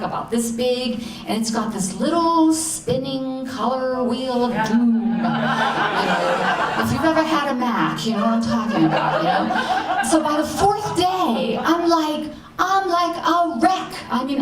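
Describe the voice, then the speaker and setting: A middle-aged woman tells a personal story at a live show, her voice riding high and swooping up and down as she acts out each person in it. She sounds self-mocking and animated. The room is roomy and echoing, she is heard from a distance, and a faint ambience sits behind her. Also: a little hiss or hum.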